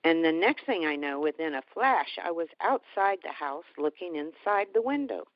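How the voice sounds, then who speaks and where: A woman tells a personal story in a low, earnest voice, pausing and restarting as she goes. The sound is dry and close, with a dull, slightly lo-fi quality. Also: animated, no room sound. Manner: halting, heartfelt retelling with many restarts. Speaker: guest telling a personal story.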